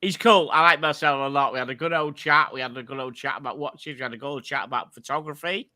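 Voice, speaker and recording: A man's voice: medium pitch, quick pace, bright, forceful tone, no echo, clean studio sound. A man hosting a casual live stream, chatty and jokey, rambling between guests. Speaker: host.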